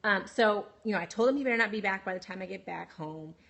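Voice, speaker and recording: A woman's voice: medium pitch, fast talker, gravelly, a bit bright. Candid woman telling her story on a livestream. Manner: candid, many fillers and restarts, frequent laughs; answers viewer comments by name. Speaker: livestream host. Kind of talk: personal storytelling on a live broadcast. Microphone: phone livestream.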